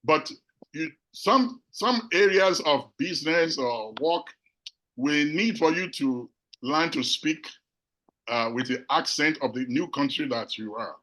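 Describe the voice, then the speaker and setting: A middle-aged man from Nigeria with a Nigerian accent, giving a measured, reflective talk to an audience as a panel speaker, pausing often on fillers. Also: a little high, pushed and bright, poor audio. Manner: measured, with frequent filler pauses.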